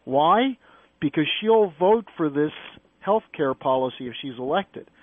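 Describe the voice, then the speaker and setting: A man's voice: fairly high pitch, lively intonation, unhurried, no room sound. A man hosting a political talk radio show, putting pointed questions to his guests. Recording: phone-like narrow band radio sound.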